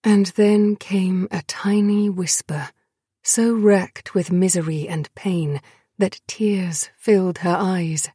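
Lady reading a dark fantasy audiobook, slow and husky, low-ish voice, dry sound. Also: fairly even intonation, dry recording. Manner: slow, hushed, dramatic. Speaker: audiobook narrator. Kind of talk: dramatic fantasy narration.

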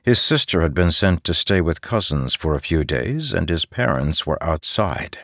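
A man narrating a fantasy story in a measured, expressive way. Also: deep voice, gravelly, dry recording, studio quality. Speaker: audiobook narrator.

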